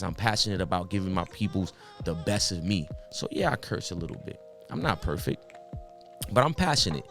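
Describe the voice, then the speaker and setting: A man's voice: deep voice, a bit bright. A young man hosting a solo podcast, talking earnestly and passionately, firing off rhetorical questions and swearing now and then. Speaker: podcast host.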